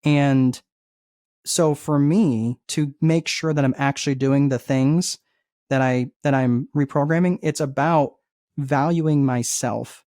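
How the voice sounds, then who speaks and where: A man speaking as a guest coach, explaining ideas in an energetic, conversational way, acting out inner thoughts and often checking in with "right?". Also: medium pitch, takes it slowly, no echo, studio quality. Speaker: guest life coach and entrepreneur. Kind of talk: conversational teaching.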